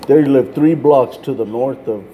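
A man's voice: medium pitch, unhurried, phone-quality sound, a little hiss or hum. A man working as a street minister, telling a personal story in a casual way, with lots of "like" and "man".

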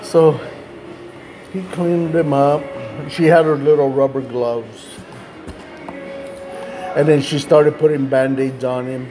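A man earnestly retelling a story in a conversation, plainspoken and lively in the telling. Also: mid-range voice, slow, pauses often, faint music behind.

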